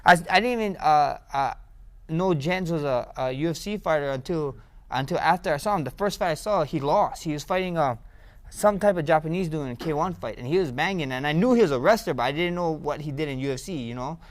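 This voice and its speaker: A young man telling stories in a casual interview. He rambles and repeats himself, and he often jumps up in pitch and volume when he gets excited. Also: brisk. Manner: rambling, repeats words, grows excited and loud. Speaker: interview guest, fighter.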